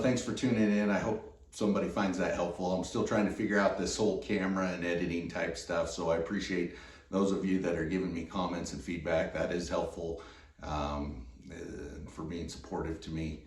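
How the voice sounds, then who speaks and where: A man casually talking through his gear in a relaxed, rambling way, full of fillers and restarts. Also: deep voice, moderate pace. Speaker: vlogger reviewing gear. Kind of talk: casual product talk. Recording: roomy, distant mic.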